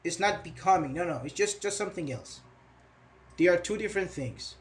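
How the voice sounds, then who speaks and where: An English teacher runs an online grammar class in a high-pitched, animated, brisk voice. He explains patiently using everyday examples, repeats his phrases, and acts out short quoted lines.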